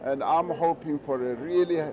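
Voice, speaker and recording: A man, a politician, speaking in a measured way with pauses and fillers at an outdoor rally. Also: fairly high pitch, muffled recording, background noise. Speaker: politician on the campaign trail. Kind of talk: interview soundbite.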